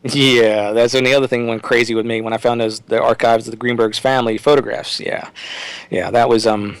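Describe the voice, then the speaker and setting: A man's voice: mid-range voice, steady tone, a little fast, clear, resonant tone, no room sound, poor audio. A man as a guest on a talk-radio interview, speaking emphatically and often restarting his sentences.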